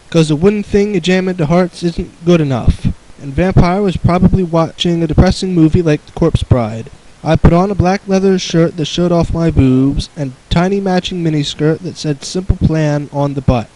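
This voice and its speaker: Young male host, dry comedic reader, mellow voice. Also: a little high, rough recording. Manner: sarcastic, mocking asides. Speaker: host reading a fan story aloud. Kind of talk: comedic dramatic reading with commentary.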